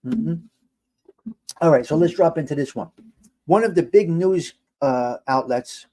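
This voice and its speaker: A middle-aged man hosts a livestream and talks straight to his chat. He rants in loud, exasperated bursts full of swearing, then drops to low mutters. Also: a little slow. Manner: animated, exasperated ranting with swearing; swings from loud outbursts to quiet mutters. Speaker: livestream show host. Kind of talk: casual livestream talk reacting to chat.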